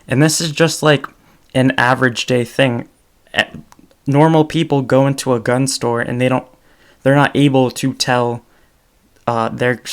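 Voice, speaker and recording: A young man with a creaky, medium-pitched voice hosts his own podcast alone. Speaking off the cuff without a script, he thinks out loud and keeps correcting himself.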